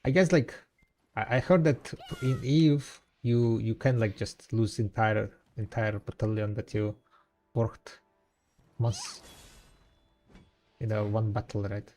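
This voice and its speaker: A man's voice: fairly low pitch, fairly even intonation, slow pace, pauses often, dark tone, a little hiss or hum. A man streaming a game live, chatting casually and answering his viewers. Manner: chatty, answers viewers' chat between play. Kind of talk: casual live-stream chat while gaming.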